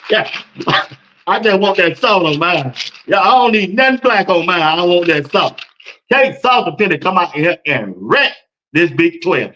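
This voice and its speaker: A man's voice: on the high side, big pitch swings, a little slow, pushed and bright, highs cut off. A man hosting a sports talk show, talking in a casual, hyped-up way and laughing between points.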